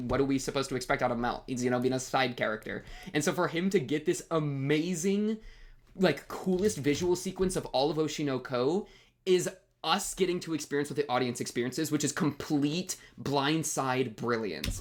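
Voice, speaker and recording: A man's voice: on the high side, a little fast. A young man hosting an anime reaction, talking in casual, gushing commentary and throwing in "bro" constantly. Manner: excitable, gushing, peppers speech with "bro".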